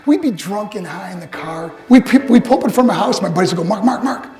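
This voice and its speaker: A man's voice: sits high, expressive, fast talker, darkish tone, reverberant, soft background music. A man giving a motivational speech, telling stories and acting out the voices of the people in them. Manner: storytelling, acts out quoted voices. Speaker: motivational speaker.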